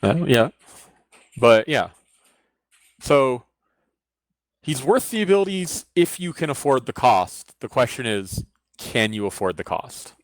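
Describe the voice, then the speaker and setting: A man's voice: mid-range voice, big pitch swings, a little slow, pauses often, dry recording. A man co-hosting a casual card game podcast, hedging as he weighs ratings aloud. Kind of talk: casual panel discussion.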